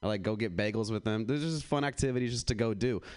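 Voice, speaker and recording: A man's voice: lowish voice, quick pace, a little mellow, clear, resonant tone. A man performing a laid-back, rambling, self-deprecating stand-up comedy set on a club stage.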